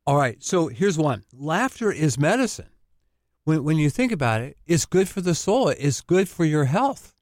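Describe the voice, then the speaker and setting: A man's voice: fairly high pitch, big pitch swings, normal speed, a little mellow, dry recording, clean studio sound. A man speaking as a Christian counselor on a radio talk show, laughing easily as he chats. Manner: laughs easily, good-humored. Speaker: Christian counselor, regular guest. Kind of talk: casual chat.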